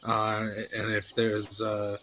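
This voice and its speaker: Flat-voiced hesitant man at the game table. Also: fairly low pitch, slow pace, a little hiss or hum. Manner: hesitant, stammering restarts. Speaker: player. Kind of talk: in-character tabletop play.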